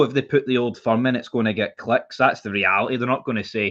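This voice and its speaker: A man's voice: mid-range voice, steady tone, quick pace, fairly bright tone, dull audio. A young Scottish man streaming about football, talking bluntly and heatedly, swearing freely and repeating himself as he rants. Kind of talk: casual live-stream chat.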